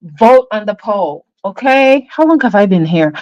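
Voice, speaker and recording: Woman livestreaming into a phone, rambling chat, mid-pitched voice, dry close sound, slips into near whisper. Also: lively intonation, measured pace, darkish tone, no room sound, rough recording. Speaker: livestream host.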